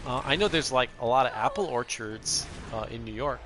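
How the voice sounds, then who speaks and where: A man's voice: medium pitch, a little fast, fairly bright tone, a little hiss or hum. A man in his thirties giving casual, rambling commentary while playing a video game, laughing often. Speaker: gameplay streamer.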